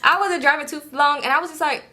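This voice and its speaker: A woman in her late twenties telling a storytime vlog story in a casual, animated way, full of slang and cursing. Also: sits high, fast. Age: late 20s. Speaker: storytime vlogger.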